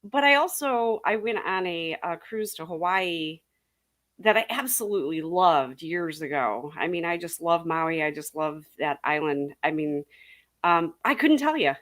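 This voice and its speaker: A woman's voice: on the low side, lively intonation, a little slow, a bit bright. A woman in a casual panel chat who talks in a chatty way, laughs easily and uses many fillers.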